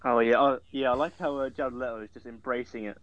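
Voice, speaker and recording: A young man, a podcast guest, making quiet, brief and hesitant remarks. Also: medium pitch, steady tone, quick pace, no room sound, highs cut off. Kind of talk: casual podcast chat.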